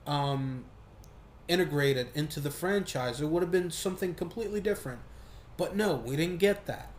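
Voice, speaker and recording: A man giving a casual, profane movie review, talking in an animated way and mocking what he saw. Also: high voice, reverberant, slight background noise. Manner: profane, animated, quick asides with mocking quoted voices.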